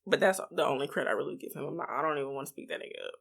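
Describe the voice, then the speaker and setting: A woman's voice: low voice, racing, gravelly, breathy edge. A woman co-hosting a podcast in candid casual chat, acting out past arguments as quoted dialogue. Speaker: podcast co-host.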